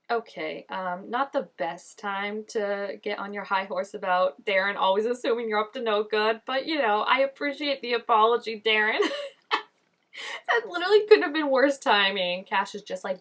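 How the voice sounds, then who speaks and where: A woman giving casual reaction commentary on a TV episode. She gushes and chats, fills her talk with "like" and "oh my gosh", and jumps up in pitch when excited. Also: moderate pace. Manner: gushing and chatty, full of "like" and "oh my gosh". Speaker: show reaction vlogger.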